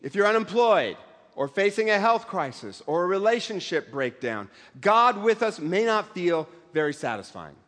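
A man's voice: high voice, big pitch swings, moderate pace, fairly bright tone. A middle-aged man preaching a sermon in a conversational way, with self-deprecating humor and acted-out voices. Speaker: pastor. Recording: long hall reverb.

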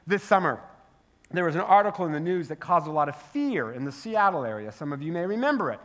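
High-voiced man preaching a sermon. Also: fast talker. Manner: storytelling, animated, asks the crowd "right?". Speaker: pastor. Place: church sanctuary.

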